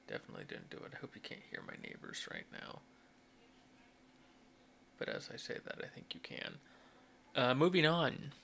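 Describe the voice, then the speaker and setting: A man's voice: medium pitch, gravelly, sharp tone, slight background noise. A man in his twenties hosting a solo podcast, rambling and self-deprecating, often restarting his sentences. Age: 20s. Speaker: podcast host.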